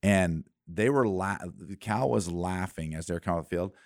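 A man's voice: low-pitched, moderate pace, no room sound, clean studio sound. A man co-hosting a sports talk show, telling stories and acting out plays. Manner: storytelling, animated when acting out plays.

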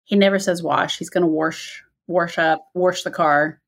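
A woman from the American Midwest with a Midwestern accent, co-hosting a casual chat, chatty and quick to laugh. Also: lowish voice, steady tone. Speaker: podcast co-host.

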